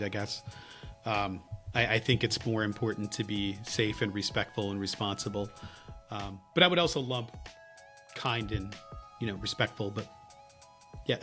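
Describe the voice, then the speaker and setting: A man co-hosting a podcast, telling stories in casual chat with lots of laughs and lively swings. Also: lowish voice, moderate pace, pauses often, faint music behind. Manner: animated, laughing storyteller. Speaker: podcast co-host.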